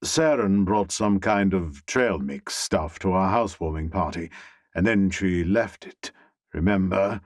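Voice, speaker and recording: A man's voice: low-pitched, animated, measured pace, no room sound, studio quality. A man voicing a stiff, snooty British ex-husband in a clipped, disdainful British accent for an audiobook. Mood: haughty.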